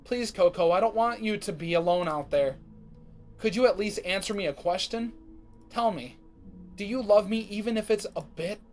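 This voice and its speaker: A man's voice: sits high, normal speed, a little mellow, faint music behind, natural voice. A man voicing a proud, blunt young female pony who hides her feelings. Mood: pleading. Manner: curt and blunt.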